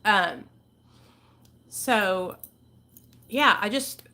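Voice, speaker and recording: A woman's voice: medium pitch, animated, drawn-out words, bright, forceful tone. A woman in her forties hosting a casual livestream chat, talking candidly and rambling, swearing freely. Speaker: channel host.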